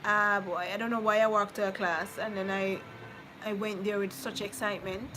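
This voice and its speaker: A woman's voice: medium pitch, flat delivery, moderate pace, sharp tone, slight background noise, rough recording. Heartfelt woman chatting to viewers. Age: 30s. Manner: rambling and heartfelt, repeating herself, talking to viewers. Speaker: vlogger reading live chat. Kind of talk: casual live-stream chat.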